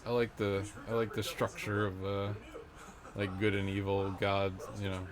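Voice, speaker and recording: Rambling male vlogger with a lowish voice, talks in loose restarts, crowd noise behind. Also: monotone, normal speed. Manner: rambling, trailing off, frequent fillers and self-restarts. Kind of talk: rambling casual monologue. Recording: background crowd chatter.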